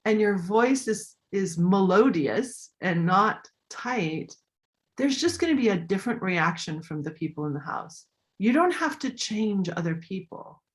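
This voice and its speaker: A woman coach giving tips in a live online talk, animated, acting out voices as she demonstrates them. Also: mid-range voice. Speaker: voice and communication coach.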